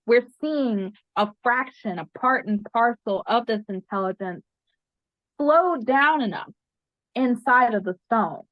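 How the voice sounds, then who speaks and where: Unhurried and a little high-pitched, a woman shares a spiritual experience as an interview guest, earnestly repeating phrases for emphasis. The recording has no room sound and is dry and slightly muffled.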